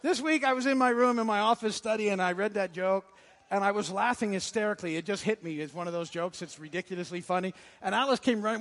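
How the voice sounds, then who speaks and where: High-voiced pastor in a reverberant church. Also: male voice, fairly quick, fairly bright tone. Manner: jokey, conversational preaching with restarts. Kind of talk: sermon. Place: church sanctuary.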